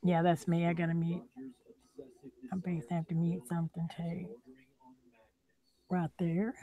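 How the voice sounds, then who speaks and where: A woman with a Southern accent chats loosely on a home livestream, drawling and laughing between remarks. Her voice sits low and sounds mellow and warm. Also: monotone, a little slow. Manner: chatty, drawling, laughs often. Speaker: livestream host. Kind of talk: casual livestream chat.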